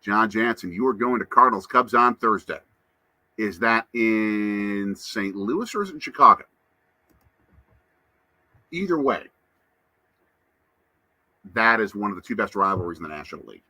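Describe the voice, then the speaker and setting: A man's voice: on the low side, lively intonation, normal speed, pauses often, bright, forceful tone, no room sound. A man hosting a casual live stream, chatting to viewers and reading out their comments. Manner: chatty, answers chat comments. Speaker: livestream host.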